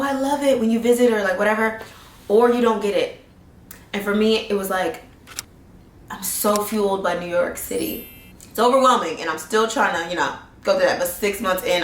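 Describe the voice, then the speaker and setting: A woman's voice: mid-range voice, fairly bright tone. A woman in her thirties talking earnestly in a casual life-update vlog, rambling and restarting her thoughts as she reflects. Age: 30s. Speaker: vlogger. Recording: roomy sound, distant mic.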